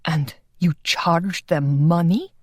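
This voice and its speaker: A woman narrator voicing a stern, weary male leader who presides like a judge in a measured, quiet way. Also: on the low side, dry recording.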